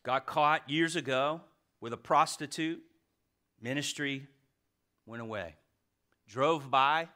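Middle-aged male pastor, bright tone, sermon delivery with call-and-response questions, dynamic swings from loud to quiet. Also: on the high side, slow pace, pauses often. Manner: preaching with questions to the congregation, swinging from loud to hushed.

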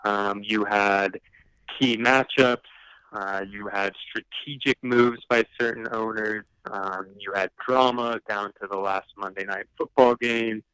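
A man guesting on a podcast, speaking in a measured way with frequent ums and uhs. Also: on the low side, fairly even intonation, a bit bright, clean tone, no echo, rough recording. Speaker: guest, league member. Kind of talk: casual podcast interview.

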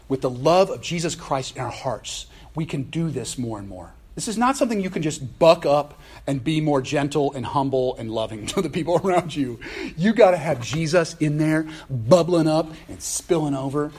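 A pastor delivers a sermon in a conversational, animated way. His voice sits a bit high with a slightly husky edge, and his pitch swings widely as he exclaims and laughs between points.

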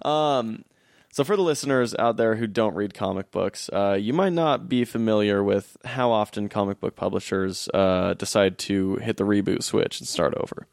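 A man's voice: lowish voice, normal speed, gravelly, a little mellow, dry recording, studio quality. A man co-hosting a casual podcast chat, teasing his friend and laughing often. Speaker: podcast co-host.

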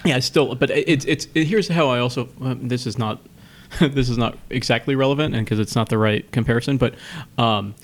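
A man chatting casually as a podcast co-host. He talks in halting bursts, restarting and repeating words as he gathers his thoughts. His voice sits at an ordinary middle pitch. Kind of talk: casual chat.

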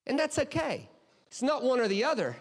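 A man preaching in a high, bright voice, with the long reverb of a large hall trailing behind him. He speaks in an animated, chatty way to his congregation and keeps asking "right?" and "okay?". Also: brisk. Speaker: pastor. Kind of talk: sermon. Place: church auditorium.

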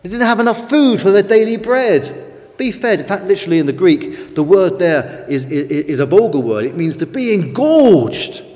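Man, high-pitched preacher, emphatic sermon delivery, echoing hall. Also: very animated, darkish tone. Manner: emphatic, with slow drawn-out stresses. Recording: long reverb of a large hall.

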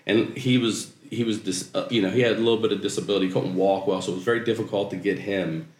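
Male comic storyteller, low register, animated and profane, roomy echo. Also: a little hiss or hum. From Maryland. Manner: animated, profane, laughs through punchlines. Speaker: comedian storyteller, guest. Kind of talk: comedic storytelling.

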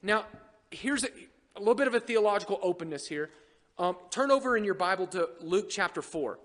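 A man with a high voice preaches a sermon to his church, animated and full of jokes aimed at the congregation. His voice rings out with a long reverb, as if it were filling a church sanctuary. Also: fairly quick. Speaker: pastor.

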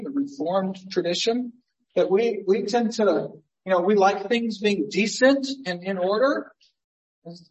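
A male pastor delivers a sermon in a high, unhurried voice. He speaks earnestly and conversationally, leaning on rhetorical questions. The room mic sits far off, so his voice rings through an echoey church hall. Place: church sanctuary.

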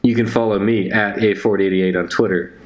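A man co-hosting a podcast in casual chat, self-deprecating and quick to laugh. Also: on the low side, steady tone. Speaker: podcast co-host.

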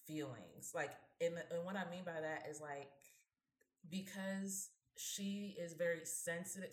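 A young woman co-hosting a casual panel talk, telling a personal story in an animated way. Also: on the low side, reverberant. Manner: animated storyteller who acts out both sides of a conversation. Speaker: podcast co-host.

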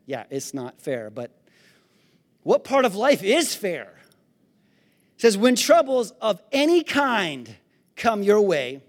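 A male pastor preaching a sermon to his congregation, swinging between shouted praise and easy conversational asides. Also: sits high, big pitch swings, unhurried. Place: church sanctuary. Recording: long hall reverb.

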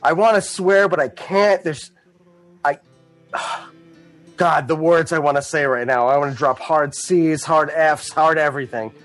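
A man's voice: fairly high pitch, unhurried, fairly bright tone, faint music behind. A man voicing a swaggering, foul-mouthed male bard in a tabletop game, talking in a theatrical, exasperated drawl.

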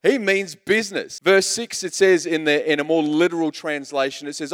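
A man's voice: a little high, fairly even intonation, normal speed, hardly any pauses, fairly bright tone, clean tone, in a large hall. A man preaching a sermon as pastor, emphatic, repeating words as he builds a point.

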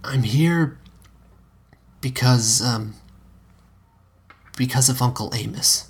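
A man's voice: mid-range voice, takes it slowly, breathy edge, exaggerated voice. A man lifting his voice for an anxious, tearful young woman. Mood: hesitant. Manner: hesitant, pleading.

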